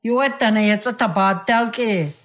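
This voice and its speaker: A woman teaching vocabulary and telling a short fable, repeating words slowly for learners and raising her voice for the characters. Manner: voices characters with raised pitch. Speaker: language teacher. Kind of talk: storytelling and vocabulary lesson.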